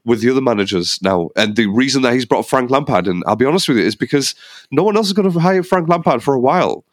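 A man's voice: mid-range voice, animated, fast talker, dry recording, clean studio sound. A man co-hosting a podcast, chatting casually about football and repeating his points for emphasis. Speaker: podcast co-host. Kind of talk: casual sports chat.

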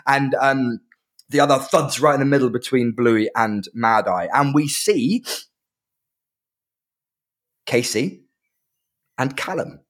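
A man's voice: medium pitch, takes it slowly, pauses often, fairly bright tone. A man narrating as game master in a loose, filler-heavy way.

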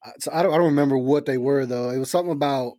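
A man's voice: medium pitch, very fast, warm tone, no echo, clean studio sound. Rambling man guesting on a podcast. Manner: rambling, with restarts. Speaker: podcast guest, beat producer. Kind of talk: casual podcast chat.

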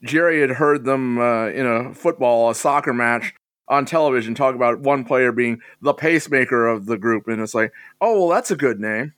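A man hosting a podcast in a relaxed, joking way, putting questions to his co-hosts. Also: medium pitch, moderate pace, no room sound. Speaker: podcast host. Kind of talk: casual chat.

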